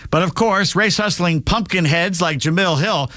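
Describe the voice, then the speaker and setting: A man's voice: high voice, normal speed, bright, forceful tone, dry recording. A man hosting a talk radio show, reading news stories and cracking sarcastic jokes at them. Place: radio studio. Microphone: studio microphone.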